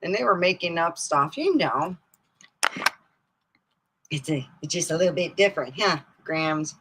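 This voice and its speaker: A middle-aged woman from Michigan telling rambling comic stories, swinging between loud outbursts and mutters and laughing at her own jokes. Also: lowish voice, expressive, unhurried, husky, poor audio. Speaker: comedy storyteller. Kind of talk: casual comic storytelling.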